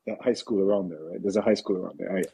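A man in his forties chatting casually on a podcast, rambling and self-deprecating with halting restarts. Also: low-pitched, fairly even intonation, creaky, warm tone, slightly rough. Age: 40s. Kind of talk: casual chat.

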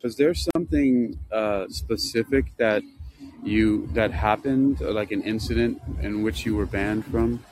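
Man, lowish voice, hesitant, halting, casual podcast host, faint background noise. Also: darkish tone, poor audio. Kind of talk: casual chat.

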